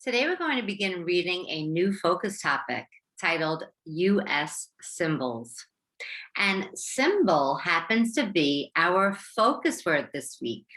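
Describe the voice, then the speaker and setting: A woman teacher with an American accent giving a slow, encouraging phonics lesson to young students, stretching out sounds and syllables. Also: lowish voice, big pitch swings, fairly bright tone. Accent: American English. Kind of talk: slow, clear classroom instruction for young learners.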